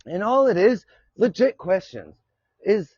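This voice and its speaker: A man rambling through a casual live podcast, profane and quick to laugh. His voice sits a little high and sounds dry and close. The audio is dull and lo-fi. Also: expressive, a little mellow, husky, no room sound. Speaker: podcast host. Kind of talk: casual live-stream chat.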